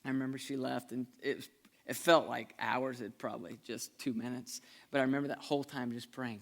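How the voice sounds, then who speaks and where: A pastor preaching a sermon in a conversational, earnest way, shifting between lively and hushed delivery. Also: male voice, mid-range voice, a little fast, gravelly.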